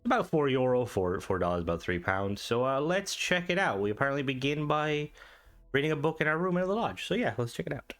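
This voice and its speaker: A man's voice: medium pitch, sing-song, a little fast, a bit bright. A man giving casual gameplay commentary while reviewing a game mod, thinking aloud and reacting as he plays.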